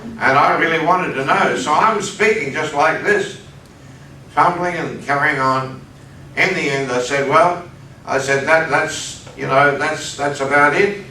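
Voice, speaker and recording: Australian preacher in an echoey hall. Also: male voice, fairly high pitch, a little slow, a little hiss or hum. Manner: animated personal storytelling, voice jumps up for quoted exclamations. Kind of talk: sermon storytelling. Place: conference hall. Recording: echoey hall, distant mic.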